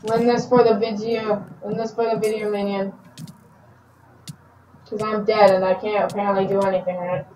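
Woman gaming host, excitable and repetitive, echoey room. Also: mid-range voice, moderate pace, pauses often, background noise. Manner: excitable, repeats words in bursts. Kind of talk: casual game commentary. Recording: echoey, distant, muffled home recording.

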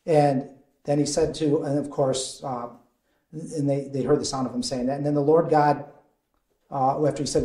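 A man leading a conversational Bible study as a deacon, animated and quizzing his group with frequent chuckles. His voice is mellow and sits fairly high. It rings in an echoey parish meeting room. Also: normal speed.

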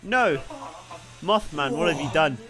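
An excitable young man reacts on camera in a high voice that leaps all over the place. He jokes, swears and suddenly shouts. Music runs loudly beneath his talk. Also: measured pace. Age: young adult. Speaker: reaction video host. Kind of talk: casual reaction commentary. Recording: music playing underneath.

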